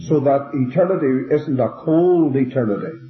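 A man's voice: mid-range voice, moderate pace. A man taking part in a Bible study discussion, explaining his point in a thoughtful way. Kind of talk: speaking up in group discussion. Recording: tinny old tape recording, from off-mic.

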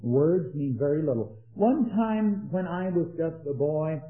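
A man preaching an earnest sermon, rising to emphatic peaks and dropping into quiet anecdotes. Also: a little high, expressive, a little slow. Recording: echoey, tinny old sermon recording.

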